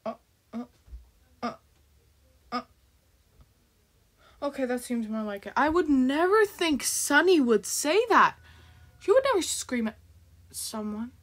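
A woman hosting her channel, chatting excitably while reacting to a game video and bursting into shrieks. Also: high voice, takes it slowly, pauses often. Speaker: channel host.

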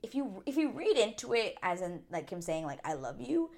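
A woman casually recapping a reality dating show, chatty and opinionated, full of "like" fillers and high indignant outbursts. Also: sing-song, moderate pace, vocal fry, a little mellow. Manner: rises to high indignant exclamations. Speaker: TV recap vlogger.

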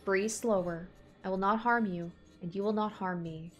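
A woman voicing a calm, gentle young woman who speaks in a soft, steady, reassuring way. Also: medium pitch, normal speed, lo-fi sound, soft background music, lightly acted. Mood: soothing.

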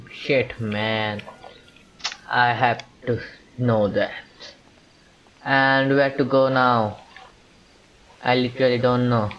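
A man's voice: medium pitch, lo-fi sound, a little hiss or hum. A man gives casual commentary on a video game he is playing, rambling and talking to himself and to the characters on screen. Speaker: gameplay commentator. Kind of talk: casual let's-play commentary.

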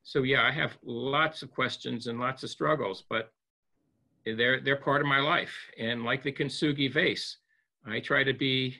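A man with a bright, clear, mid-range voice talks through a story as an interview guest. He is gentle and reflective, and he often pauses to restart a phrase. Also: mid-range voice, fairly even intonation. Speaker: psychologist guest.

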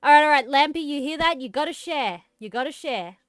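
A woman's voice: high-pitched, lively intonation, fairly quick, a bit bright, dry recording, studio quality. A woman hosting a livestream, chatting casually and giggling while she plays with friends and apologizes often. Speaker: streamer and host.

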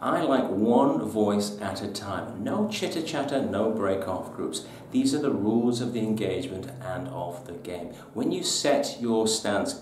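A man's voice: fairly low pitch, expressive, a little slow, few pauses, darkish tone, a little hiss or hum. A man presenting business tips to camera in an emphatic, punchy, colloquial way. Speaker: business trainer. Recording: echoey room, mic at a distance.

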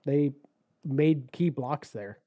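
A man's voice: mid-range voice, slow pace, mellow, no echo, clean studio sound. A man co-hosting a casual sports podcast, recapping game stats with frequent restarts. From Ohio. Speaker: podcast co-host.

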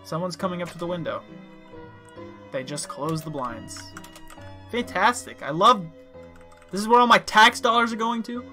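Man, casual gameplay commentary, joking, bright tone, faint music. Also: high-pitched, moderate pace, pauses often. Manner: joking, reads game text aloud. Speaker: gameplay streamer.

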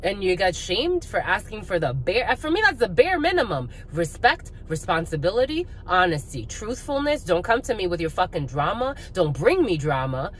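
A woman's voice: medium pitch, big pitch swings, normal speed, few pauses, slight background noise. A woman giving a tarot reading to her viewers, blunt and profane, ranting with bursts of laughter and calling them "my lovies.". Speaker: spiritual reader.

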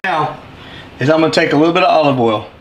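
Upbeat high-voiced man. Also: quick pace, crowd noise. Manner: folksy, upbeat, talks straight to viewers. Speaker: fishing channel host. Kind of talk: casual cooking vlog talk. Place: home kitchen.

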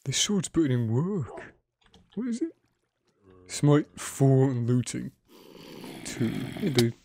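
A young man giving casual gameplay commentary, excitable and swearing often, chatting to his in-game animals. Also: medium pitch, takes it slowly, heavy background noise. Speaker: gaming video creator. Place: home editing room.

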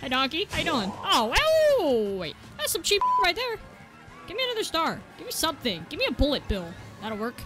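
A young woman commentates her gameplay in a high, bright voice that swings wildly up and down. She yelps, curses and laughs at her own mistakes. Faint game music plays underneath. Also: a little fast. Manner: excitable, yelps and swears, laughs at herself. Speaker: gaming video creator.

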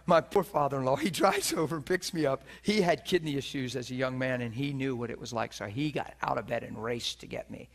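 Middle-aged guy preaching, lively story, does little voices, laughs a bunch. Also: mid-range voice. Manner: animated storytelling, acts out voices, laughs often. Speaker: preacher teaching on healing. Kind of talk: sermon storytelling. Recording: live teaching session, room mic.

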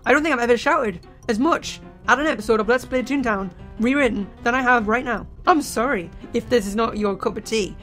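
A woman with a slightly high voice talks through a game she is playing, excitable and quick to shout and laugh at what happens on screen. She speaks close into a desk microphone at her computer. Faint game music plays underneath her voice. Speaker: let's play host. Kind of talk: gameplay commentary.

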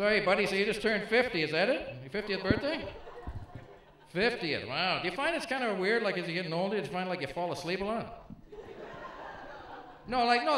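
A middle-aged male comedian trading punchy jokes with a crowd in a club. His voice is bright and swings up and down a lot. The room is echoey and carries a faint murmur. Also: high voice, slight background noise. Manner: brash, punchy, bantering with the audience. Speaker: stand-up comedian. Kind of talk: stand-up comedy.

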